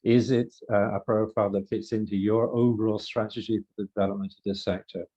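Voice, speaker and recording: A retired government official giving measured introductory remarks at a startup event. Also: male voice, on the low side, flat delivery, dark tone. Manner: measured, hesitant restarts. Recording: muffled audio.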